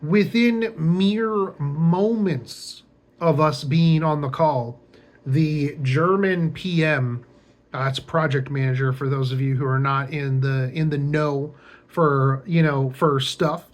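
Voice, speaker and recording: A man's voice: a little high, fairly even intonation, slow pace. A young man telling a casual, rambling story as a vlogger, full of fillers, restarts and wry, sarcastic asides.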